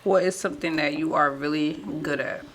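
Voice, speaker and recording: Young woman, lowish voice, chatty podcast cohost, faint hiss behind her. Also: steady tone, fairly quick. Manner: chatty, laughs at herself, lots of fillers. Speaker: podcast co-host. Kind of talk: casual chat, storytelling.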